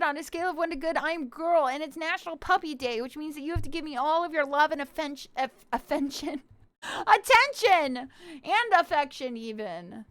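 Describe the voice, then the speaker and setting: Young woman streamer, high and lively voice, giggly and cutesy, dry close mic. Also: normal speed, dry recording. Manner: bubbly, giggly, talks to chat and plays a cutesy puppy-girl persona. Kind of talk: casual live-stream chat.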